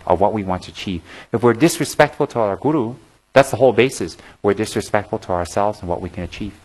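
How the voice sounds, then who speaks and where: A man giving a Buddhist dharma talk, teaching frankly and telling stories with humor and lively acted-out moments. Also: fairly low pitch, rough recording. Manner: animated, humorous storytelling that acts out scenes; frank, plain-spoken teaching with repeated emphasis.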